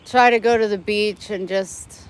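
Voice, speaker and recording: A woman's voice: mid-range voice, steady tone, a little slow, a little hiss or hum, rough recording. A woman vlogging live in casual chat, chatty and plainspoken, talking into a phone outdoors near her home. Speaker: vlogger livestreaming.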